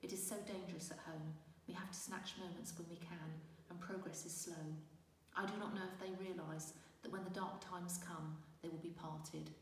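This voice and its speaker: A woman's voice: fairly low pitch, level tone, moderate pace, few pauses, slight background noise, lightly acted. A woman voicing a worried mortal mother who speaks sadly and earnestly, recorded far from the mic in a reverberant room. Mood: anxious. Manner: sad, earnest. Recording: roomy distant reverberant recording.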